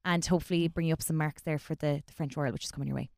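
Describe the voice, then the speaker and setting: Brisk Irish radio presenter, woman. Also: low-pitched, steady tone, creaky, darkish tone, no room sound, clean studio sound. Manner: brisk, sums up advice for listeners. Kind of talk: radio chat.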